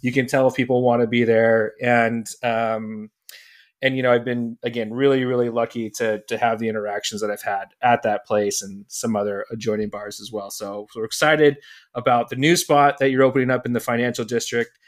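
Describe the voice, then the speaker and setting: A man's voice: mid-range voice, level tone, brisk. Guy hosting a podcast, chatty and rambling, lots of ums and you knows. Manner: loose and rambling, many fillers. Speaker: podcast host. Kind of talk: casual chat.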